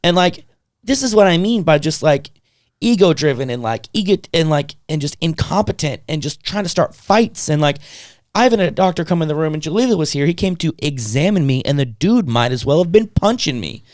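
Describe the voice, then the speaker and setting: A young adult man co-hosting a podcast, telling a story in a rambling, animated way and acting out what other people said. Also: fairly high pitch, a little fast, dry recording, studio quality. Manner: animated, acts out other people's lines in shifting voices; rambling, heavy on filler words and restarts. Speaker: podcast co-host. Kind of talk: casual storytelling chat.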